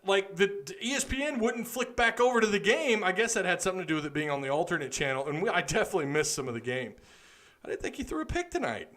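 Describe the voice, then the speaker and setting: A tired man hosts a live postgame talk from home. His voice sits a bit high and his talk rambles as he chats with viewers. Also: quick pace, hardly any pauses, a bit bright. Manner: chatty, rambling, talks to chat viewers. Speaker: podcast host.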